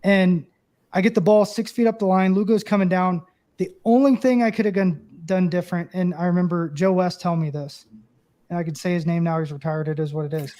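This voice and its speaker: Man, high-pitched, thirties, interview guest, animated storyteller, casual chat. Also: a little fast. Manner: animated storyteller, acts out quoted voices. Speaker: former catcher and broadcast analyst guest.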